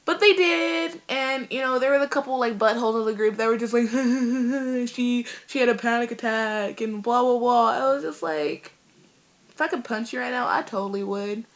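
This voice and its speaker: A teenage girl tells a story in a loose, chatty vlog. She rambles along, full of fillers and asides, and her voice sits a little high. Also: normal speed. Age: teens. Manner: animated, rambling, lots of fillers. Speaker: vlogger.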